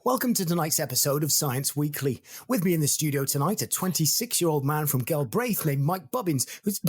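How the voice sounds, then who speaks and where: A man doing a stammering, husky TV presenter. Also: a little high, expressive, moderate pace. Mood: flustered. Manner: stammering, apologetic, formal announcer tone. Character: bumbling male 1970s TV science presenter. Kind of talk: improvised comedy sketch.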